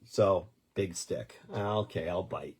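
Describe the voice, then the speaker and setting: A man in his sixties, a podcast co-host telling a story in casual chat, rambling and animated with many restarts. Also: sits low, slow pace, a little hiss or hum. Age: 60s.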